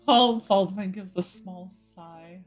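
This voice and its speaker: A woman running a tabletop game as game master, narrating calmly. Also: medium pitch, takes it slowly, faint music behind, low-quality recording.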